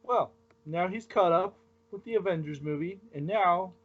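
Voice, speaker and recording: Male podcast host, opinionated and playful, slightly high pitch, dull recording. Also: moderate pace. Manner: joking, emphatic opinions. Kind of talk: casual chat.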